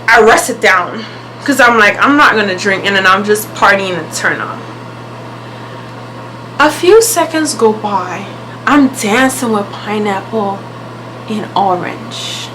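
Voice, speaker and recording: A woman's voice: fairly high pitch, slight background noise, low-quality recording. A young woman vlogger telling a story in a casual, emphatic, indignant way. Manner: animated, emphatic, indignant retelling.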